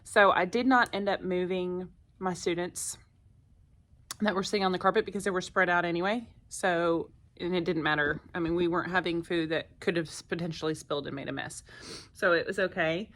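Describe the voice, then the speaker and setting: A woman's voice: on the low side, fairly even intonation, brisk, a bit bright. A woman, a first grade teacher chatting casually to her phone camera in her classroom, with lots of fillers and asides. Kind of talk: casual vlog chat.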